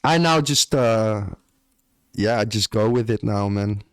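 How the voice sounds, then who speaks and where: Slow laid-back Australian guy streaming. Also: lowish voice, clean tone, dry recording, studio quality. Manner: laid-back, swears casually, often ends lines with "bro". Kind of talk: casual live-stream chat.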